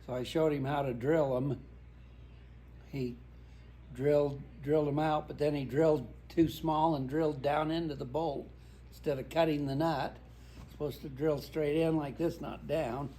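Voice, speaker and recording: A man's voice: fairly high pitch, steady tone, normal speed, mellow. An older man chatting at home while eating, plain-spoken and matter-of-fact. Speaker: husband at home. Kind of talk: casual kitchen chat. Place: home kitchen.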